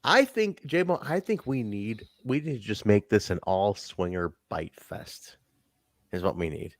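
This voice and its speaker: A man co-hosting a casual podcast that reviews wrestling shows. He talks in an animated way, swears freely and acts out quotes. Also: on the low side, a little slow, no room sound, studio quality. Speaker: podcast co-host.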